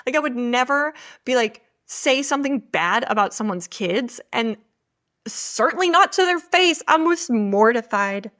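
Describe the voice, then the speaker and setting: A woman's voice: high-pitched, lively intonation, unhurried, fairly bright tone. A woman in her thirties hosting a podcast alone, telling a funny, embarrassing story in a chatty, self-deprecating way. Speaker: podcast host. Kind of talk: casual storytelling.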